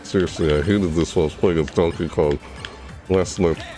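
A young man commentating his own gameplay, chatty and excitable, yelping and shrieking high when things go wrong. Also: brisk. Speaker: gaming YouTuber. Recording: game music playing behind.

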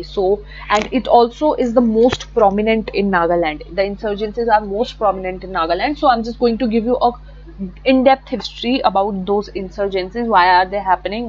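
A woman gives an online exam-prep lesson in a loose, chatty way, repeating words and correcting herself as she goes. Her voice sits at a middle pitch. The recording is a little dull, with a faint hum underneath. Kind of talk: online lecture with slides.

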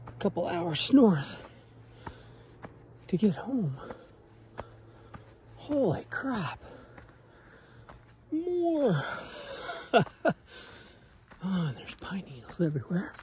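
A man's voice: high-pitched, lively intonation, slow pace, long pauses, dark tone, a little hiss or hum. A man vlogging as he hikes up an overgrown hillside trail, chatting to himself and getting out of breath. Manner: chatty, talking to himself as he climbs. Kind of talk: casual hiking commentary.

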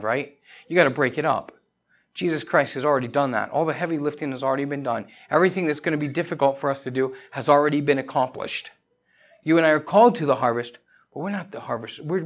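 A man's voice: high voice, gravelly, fairly bright tone. A man preaching a conversational sermon as pastor of a church, pressing questions on the congregation and telling personal stories. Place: church sanctuary.

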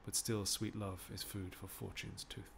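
A man's voice: on the low side, flat delivery, unhurried, gravelly, slight background noise, pitched below the performer's own voice. Troilus, a man doing a wistful young prince. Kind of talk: live-streamed Shakespeare reading.

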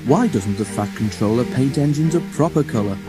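A man's voice: medium pitch, lively intonation, brisk, over music, close to an everyday voice. A man voicing a cheeky male twin tank engine with a bantering manner.

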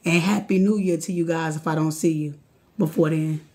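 A woman giving a late-night live tarot reading, casual and slangy, talking straight to her viewers and getting excitable, chanting and repeating herself. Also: low voice, a little fast. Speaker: tarot card reader.

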